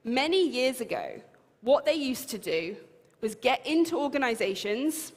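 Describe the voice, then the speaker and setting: A woman's voice: high-pitched, sing-song, unhurried. A woman from the United Kingdom with a British accent, giving a conference talk in a chatty, self-deprecating and emphatic way. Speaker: keynote speaker. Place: large conference hall. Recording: long hall reverb.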